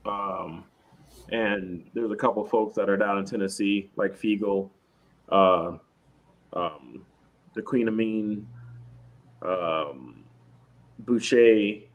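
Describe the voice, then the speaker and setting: A man's voice: on the low side, slow, long pauses. A man co-hosting a podcast in casual, laid-back chat, rambling and joking. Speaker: podcast co-host.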